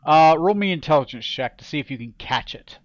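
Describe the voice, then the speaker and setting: A man's voice: fairly high pitch, lively intonation, fairly quick, no echo, muffled recording. A man narrating as game master of a tabletop game, casual and self-correcting.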